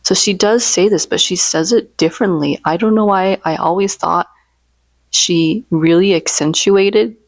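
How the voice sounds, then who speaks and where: Low-voiced chatty woman vlogger. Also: a little slow, no room sound. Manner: rambling, chatty, jokes about her own impressions. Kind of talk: casual chat.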